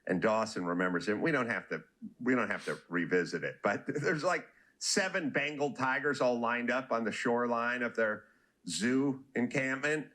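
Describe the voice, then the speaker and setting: A man hosting a podcast, telling an anecdote in an animated, casual way and acting out the voices in it. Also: medium pitch, normal speed. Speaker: podcast host. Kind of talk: casual chat with storytelling.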